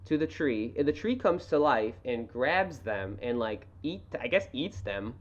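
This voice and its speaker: A young woman co-hosting a small podcast, working through her thoughts on a book. She talks in loose, rambling bursts with restarts and sarcastic quips. The sound is dull and rough, like a first amateur recording. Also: very deep voice, big pitch swings, measured pace. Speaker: podcast co-host. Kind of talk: casual book discussion.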